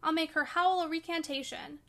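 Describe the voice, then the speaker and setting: A woman's voice: high-pitched, steady tone, normal speed, fairly bright tone. A woman reading as a feverish, passionate young woman, raving and fierce in a storybook reading. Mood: furious.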